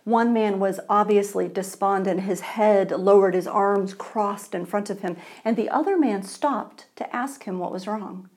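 A woman's voice: mid-range voice, a little slow, few pauses, a little mellow. A woman pastor giving a sermon in a conversational way, asking the congregation for responses.

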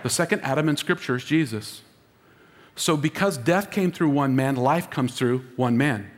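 A man's voice: medium pitch, moderate pace, in a large hall. A man preaching an Easter sermon as lead pastor, emotional and calling on the congregation to answer back. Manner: emotional, preaching with audience call-and-response.

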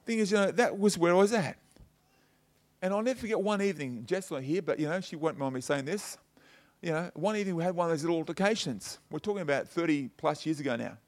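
This is a middle-aged male pastor with a notably high-pitched voice. He preaches in a loose, chatty way, telling personal stories and leaning on "you know" and "okay?" to keep the congregation with him. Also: expressive, fast. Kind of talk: conversational sermon.

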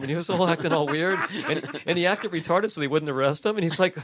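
Older man, quick bright storyteller, laughs a lot, swears freely, slightly high. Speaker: musician guest. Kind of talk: casual storytelling.

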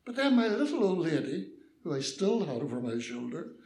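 Older Northern Irish storyteller, roomy sound. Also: male voice, on the high side, normal speed. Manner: lively, mischievous, acts out voices. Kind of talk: personal anecdote storytelling.

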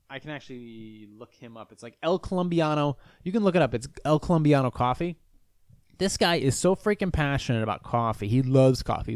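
A man's voice: mid-range voice, clear, resonant tone, no echo, studio quality. A man talking casually on his own channel, rambling with lots of fillers and restarts and swearing freely. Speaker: vlogger.

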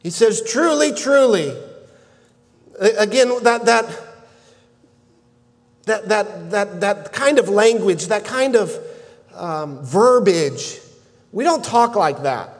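High-voiced man preaching in a reverberant hall. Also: lively intonation, slow, long pauses. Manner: earnest preaching, rising to emphatic shouts on key lines. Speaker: pastor. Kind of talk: sermon.

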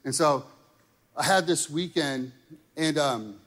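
A man's voice: a little high, slow pace, fairly bright tone, in a large hall. A man preaching a sermon in a casual, conversational way, often checking in with the crowd by asking "right?" and "okay?". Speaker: pastor.

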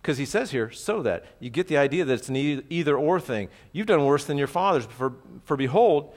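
A man's voice: on the high side, lively intonation, fairly quick, darkish tone, long reverb tail. A middle-aged man preaching an expository sermon as pastor, talking conversationally with asides and frequent check-ins with his listeners.

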